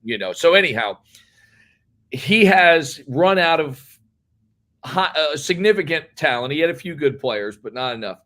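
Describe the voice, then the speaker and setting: A man's voice: fairly high pitch, unhurried. A man, a head basketball coach, telling stories in a casual, rambling interview. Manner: rambling, animated storyteller.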